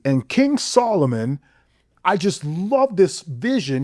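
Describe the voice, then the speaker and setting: A man on a podcast delivering an intense monologue. He asks rhetorical question after rhetorical question and swings from low muttering to loud exclamations. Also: very animated, takes it slowly, no room sound, studio quality. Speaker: podcast guest.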